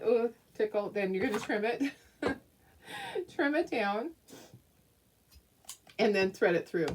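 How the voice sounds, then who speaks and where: A woman's voice: on the high side, a little mellow, recorded from a distance. A woman hosting a casual craft tutorial at home, chatty and giggly as she talks viewers through each step.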